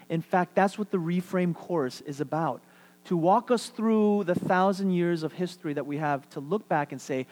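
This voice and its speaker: A middle-aged pastor delivers a sermon in a high voice at a normal pace. He's animated, swinging from loud emphasis to quiet asides and repeating phrases to drive his points home.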